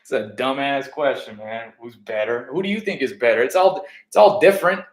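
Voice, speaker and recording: This backstage interview features a stand-up comic from the United States whose mid-range voice is animated and brisk, with reverb around it. His talk is loose, profane and rambling, full of restarts.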